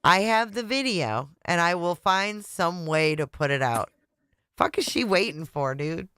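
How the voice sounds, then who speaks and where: Lowish woman streamer, super animated, snarky, dry close sound. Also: unhurried, clean tone, no echo. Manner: sarcastic, swears, laughs at the clips. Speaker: livestream host. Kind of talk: casual commentary.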